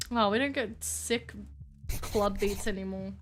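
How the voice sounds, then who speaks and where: A woman live-streaming a game, chatting in an excitable, self-mocking way. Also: mid-range voice.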